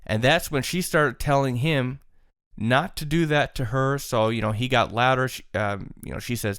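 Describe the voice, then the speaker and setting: A man's voice: medium pitch, normal speed, a bit bright, smooth, no room sound, clean studio sound. A man casually retelling a friend's strange encounter, with frequent fillers. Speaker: storyteller. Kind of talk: retelling a secondhand story.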